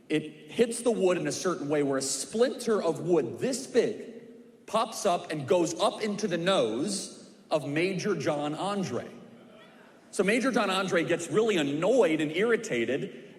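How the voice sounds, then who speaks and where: A man's voice: a little high, animated, a little slow. A man telling a history story to a church crowd with emphatic, repeated punchlines. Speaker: speaker at a church civics event. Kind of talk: preaching a history story to a live audience. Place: large church auditorium. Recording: echoey hall with long reverb.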